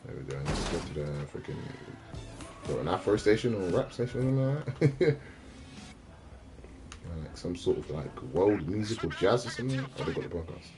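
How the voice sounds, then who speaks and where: A young man from South West talks to his livestream viewers in a loose, slangy ramble. His voice sits very low, and his sentences often break off and restart. Faint radio music plays in the background. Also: big pitch swings, a little fast. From South West London. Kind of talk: casual livestream chat.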